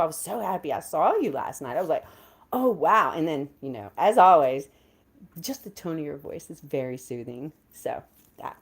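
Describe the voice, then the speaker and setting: Chatty woman livestreaming, lively pitch. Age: 50s. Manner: chatty, greets viewers with bursts of excitement. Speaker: livestream host. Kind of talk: casual livestream chat.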